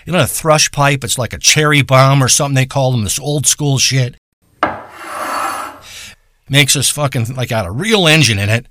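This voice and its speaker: A man telling a rambling, profane comic story in a crude, deadpan way. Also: mid-range voice, moderate pace, long pauses, background noise. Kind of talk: rambling comedic monologue.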